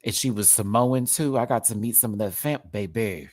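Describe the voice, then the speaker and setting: A man giving an animated, casual review of a TV show, breaking into mock voices. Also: on the low side, normal speed, dry recording, clean studio sound. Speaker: drag race reviewer.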